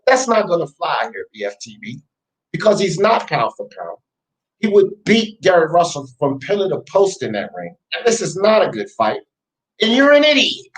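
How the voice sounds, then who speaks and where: A man's voice: a little high, low-quality recording. A man hosting a sports talk show, ranting scornfully and emphatically, repeating his jabs.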